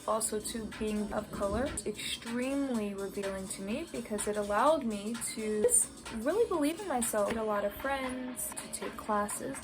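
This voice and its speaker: An American woman vlogging casually about learning a language, earnest and encouraging as she shares tips. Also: mid-range voice. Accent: American English. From United States. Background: background music.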